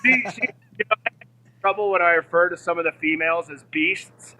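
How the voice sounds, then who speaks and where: An upbeat man gives a casual morning report on roads and weather while out around town. His voice is bright and a little high, with quick asides. A faint outdoor hum sits behind him. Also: low-quality recording. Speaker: host, roving reporter.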